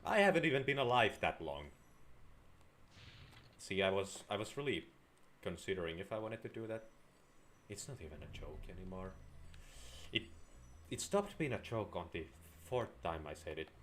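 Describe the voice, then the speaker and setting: A man's voice: sits low, expressive, normal speed, pauses often, a little hiss or hum. A man streaming a video game live, chatting with dry, sarcastic, rambling asides. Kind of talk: live gameplay commentary.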